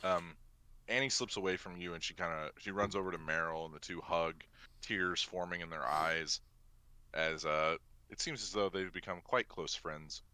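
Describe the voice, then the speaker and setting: A man narrating as game master of a tabletop role-playing game, in a relaxed, matter-of-fact way. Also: low-pitched, moderate pace, clear, resonant tone, dry recording.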